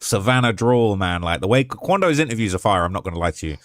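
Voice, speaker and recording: A man's voice: lowish voice, animated, fast talker, no echo, clean studio sound. A man giving loose, rambling commentary while reading out leaked messages.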